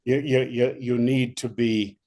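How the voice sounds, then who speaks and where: An older male actor, a guest in an interview, telling animated stories with many restarts. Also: mid-range voice, measured pace. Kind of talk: interview anecdotes.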